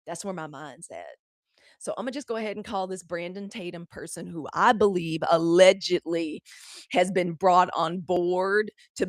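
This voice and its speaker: A woman's voice: mid-range voice, dry recording, clean studio sound. A middle-aged woman from Southern Mississippi hosting a live news show, talking candidly and profanely straight to her audience. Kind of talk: casual live commentary.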